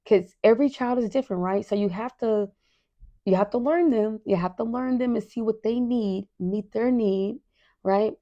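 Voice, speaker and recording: Warm-voiced middle-aged woman hosting a podcast. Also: a little high, normal speed, muffled recording. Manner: chatty and earnest, often asks "right?" and addresses listeners as "you guys". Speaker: parenting podcast host. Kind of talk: casual motivational podcast monologue.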